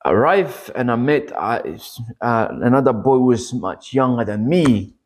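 Brief: preacher, male, husky voice, earnest testimony that climbs in pitch at dramatic moments. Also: animated, a little slow, darkish tone. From Democratic Republic of Congo. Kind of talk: sermon testimony.

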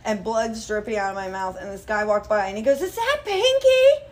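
A woman in her thirties, a guest model chatting casually, telling lively stories with swearing and acted-out quotes. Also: mid-range voice, quick pace. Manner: animated storyteller, swearing, acting out quotes. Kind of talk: casual chat.

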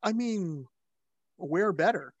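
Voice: mid-range voice, lively intonation, slow, no echo, dull audio. A podcast host casually leading a group chat on a video call, rambling and joking, with lots of fillers and restarts.

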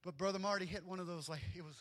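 A man preaching a sermon, telling personal stories in an animated way that often rises almost to a shout. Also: high-pitched, very fast. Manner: animated storytelling, often rising to near shouts, with laughs. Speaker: pastor.

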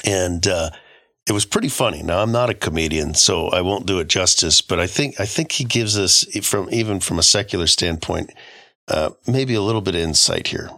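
Middle-aged man, podcast guest, forceful tone, low-ish voice, rambling, restarts, dry close sound. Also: lively intonation, moderate pace, vocal fry, no room sound. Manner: rambling storyteller, frequent restarts. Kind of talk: casual podcast discussion.

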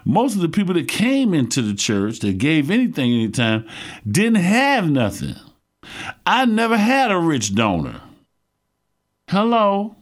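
A middle-aged man with a gravelly voice preaching a sermon, fervent and emphatic, calling out to his listeners. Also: a little high, huge pitch swings, a little slow. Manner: fervent, emphatic preaching with call-outs to the congregation. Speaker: pastor.

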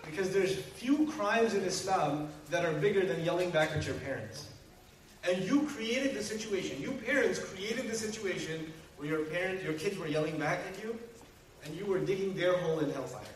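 A man preaching a sermon to a live audience, animated and full of rhetorical questions aimed at the listeners. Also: high-pitched, normal speed. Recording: very echoey hall, mic far off, faint ambience.

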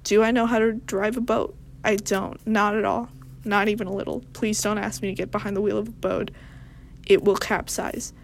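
A young woman hosting a show, talking in a rambling, casual monologue with strong vocal fry and deadpan, self-mocking humor. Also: medium pitch, moderate pace, a little hiss or hum. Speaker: podcast host.

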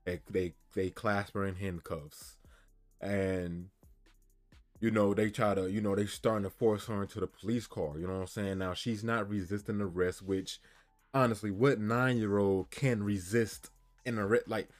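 A man's voice: lowish voice, steady tone, moderate pace, faint music behind. A man retelling a story in casual, heated commentary, repeating himself and often asking "you feel me".

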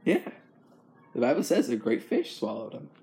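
A man's voice: mid-range voice, big pitch swings, moderate pace, vocal fry, warm tone. A young man chatting casually as host, easygoing and rambling, with frequent chuckles. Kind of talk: casual chat.

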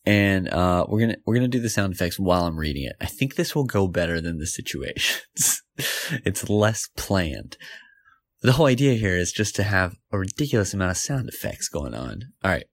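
A man's voice: sits low, very animated, moderate pace, slight background noise. A man hosting a comedy show, rambling playfully, giggling and correcting himself as he goes. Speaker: comedy podcast host.

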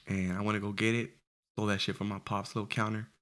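A man in his twenties telling a story in casual, profane chat, lively and laughing as he goes. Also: lowish voice, quick pace. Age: 20s. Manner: animated, profane, laughs while telling stories.

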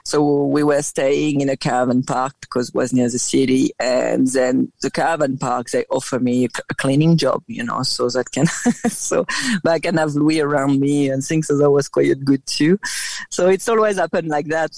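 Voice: mid-range voice, fairly even intonation, normal speed, gravelly, darkish tone, no echo. French-accented guest who laughs a lot. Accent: French, with some Australian. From France. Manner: laughs often, hesitant with fillers and restarts. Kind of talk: casual interview chat.

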